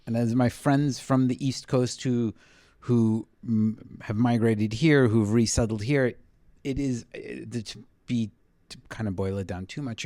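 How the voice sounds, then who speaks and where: A man who works as a TV writer, a guest on a podcast in a living room, talking in a reflective, measured way. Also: fairly low pitch, warm tone, no room sound. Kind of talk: casual chat.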